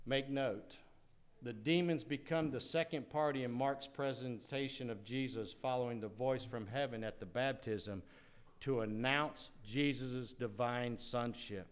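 A male pastor preaching a sermon, swinging dramatically from loud declarations to hushed asides. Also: mid-range voice, clear, resonant tone.

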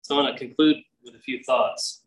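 A man preaching a sermon as pastor, earnest and conversational, often dropping to a hushed voice. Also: medium pitch, fairly even intonation, a little fast, recorded from a distance, rough recording.

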